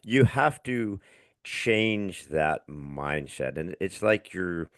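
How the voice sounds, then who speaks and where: Deep-voiced middle-aged male podcast host. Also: very slow, no room sound. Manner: swears freely, tells stories with animated retellings. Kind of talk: casual interview chat.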